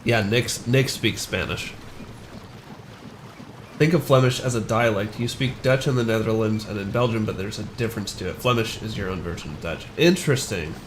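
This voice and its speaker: A man's voice: on the low side, normal speed, background noise. A young man from the northern United States chatting casually with viewers while streaming a game, rambling and laughing at himself as he answers chat.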